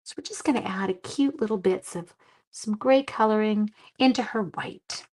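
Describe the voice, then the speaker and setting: A middle-aged woman with a medium-pitched, darkish voice hosts a casual crafting livestream from home at a moderate pace. She's chatty and self-deprecating, greeting viewers by name and poking fun at her own mistakes as she demonstrates.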